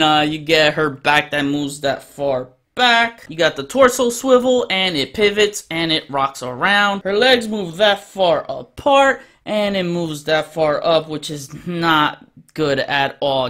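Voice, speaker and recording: A man's voice: sits high, pushed and bright. A young man giving a casual, chatty review of an action figure as the channel's host. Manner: chatty, informal, with fillers.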